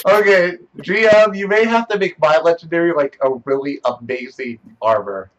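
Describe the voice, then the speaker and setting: A man's voice: on the high side, unhurried, muffled recording, slight background noise. A man chatting casually as a player in a tabletop game, playful and laughing often.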